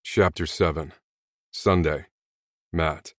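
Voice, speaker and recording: A man's voice: rumbling low, fairly even intonation, slow, fairly bright tone, no echo, clean studio sound. A man reading a novel aloud in first person as an audiobook narrator, in evenly read, scripted narration.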